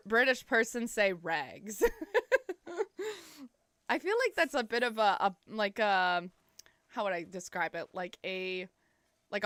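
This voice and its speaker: A woman's voice: medium pitch, animated, slow, pauses often, fairly bright tone, dry recording. A young woman with a Canadian accent chatting casually while streaming a game, giggling often. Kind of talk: casual gameplay commentary.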